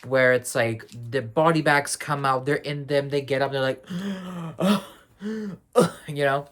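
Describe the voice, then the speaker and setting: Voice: medium pitch, level tone, normal speed, fairly bright tone. Rambling, slangy casual show reviewer. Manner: rambling, self-correcting, slangy. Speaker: TV series reviewer. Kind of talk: casual spoiler review vlog.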